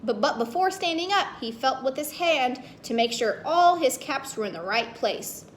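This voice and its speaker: A woman's voice: sits high, expressive, moderate pace, slight background noise. A woman reading a children's story aloud, playfully asking the kids questions as she goes.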